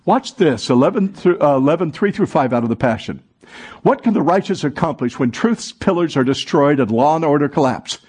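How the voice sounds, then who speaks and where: A man's voice: on the high side, animated, fairly quick, a little mellow, breathy edge. A man preaching a sermon as pastor, calling on the congregation to answer and repeat after him. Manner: preaching, calls for congregation responses. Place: church sanctuary.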